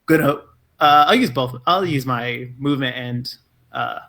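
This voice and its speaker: Gravelly bright-voiced flustered player. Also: male voice, mid-range voice. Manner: flustered, joking, quick asides. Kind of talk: casual tabletop game chat.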